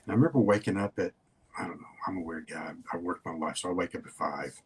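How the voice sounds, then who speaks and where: A man's voice: deep voice, quick pace, husky. An older man, a guest in a casual interview, telling stories in a folksy, rambling way.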